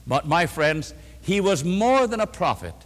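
Lively preacher man in a reverberant church. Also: high voice, unhurried. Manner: emphatic, swings between loud stresses and soft asides. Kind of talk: sermon. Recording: long reverb of a church hall.

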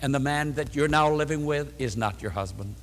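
A kindly, compassionate teacher speaks low, soft and tender, as a preacher voices him in his sermon. The voice stays gentle throughout, and a long church reverb hangs on every phrase. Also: sing-song, moderate pace, breathy edge, heavily acted.

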